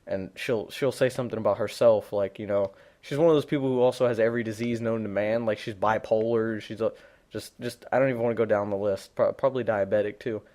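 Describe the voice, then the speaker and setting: A man's voice: fairly low pitch, steady tone, quick pace, darkish tone. A teenage boy doing unscripted gameplay commentary, rambling and blunt, with many fillers and restarts. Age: teens. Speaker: gaming commentator.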